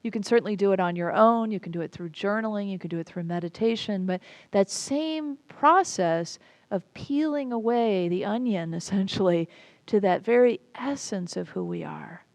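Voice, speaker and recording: A woman minister giving a reflective sermon at an unhurried pace with pauses. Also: mid-range voice, no echo.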